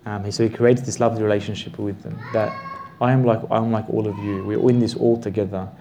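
A man teaching a Bible class, explaining the passage with slow, emphatic stresses and repeated words. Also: on the low side, level tone, background noise.

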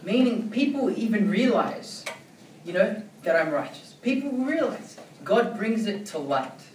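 A man delivers a sermon in a loose, chatty way, often asking his listeners "right?". His voice sits a little high. He is picked up from a distance in an echoey room. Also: lively intonation, unhurried, darkish tone, a little hiss or hum. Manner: conversational, keeps asking "right?". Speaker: preacher.

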